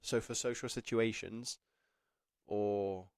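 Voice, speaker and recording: A man's voice: fairly low pitch, fairly even intonation, slow, smooth, no echo, studio quality. A young man giving casual advice to camera, rambling, full of "like", often self-conscious and laughing. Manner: chatty, rambling, heavy use of "like". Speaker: apprenticeship advice vlogger.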